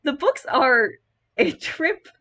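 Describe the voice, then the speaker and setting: A woman's voice: high-pitched, sing-song, takes it slowly, a bit bright, dull audio. A young woman chatting casually in a vlog while styling a cosplay wig, rambling with many filler words and laughing mid-sentence.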